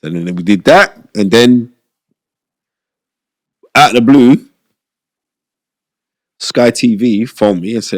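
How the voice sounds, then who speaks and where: A middle-aged man, telling stories in an interview, animated and slangy, repeating his phrases. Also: mid-range voice, takes it slowly, pauses often, no room sound, studio quality. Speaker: boxing pundit and former boxer. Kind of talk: casual storytelling interview.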